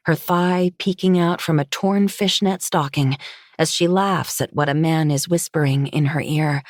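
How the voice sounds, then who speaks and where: Female narrator, low voice, dry close-mic first-person audiobook read. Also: no echo.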